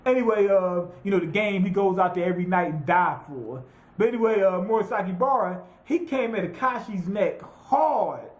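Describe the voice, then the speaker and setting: A man's voice: high-pitched, normal speed, reverberant. A man giving a casual, profane, rambling recap of an anime episode as a reviewer. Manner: profane, rambling, animated retelling with quoted voices.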